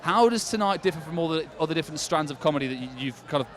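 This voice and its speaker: A man's voice: a little high, expressive, rapid-fire. A male vlog presenter asking chatty, upbeat questions in a casual backstage interview outside a venue.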